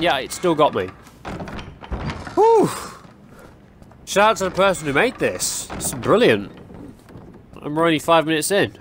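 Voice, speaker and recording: Here a gaming channel host, a young man, offers chatty, meandering commentary over a horror game. His voice sits a little high with a fairly bright tone and a bit of hiss or hum, and jump scares make him yelp and laugh since he startles easily.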